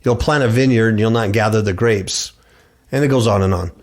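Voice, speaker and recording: A man's voice: on the low side, brisk, darkish tone. A middle-aged man hosting a radio show, preaching and reading scripture aloud. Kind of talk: preaching bible commentary.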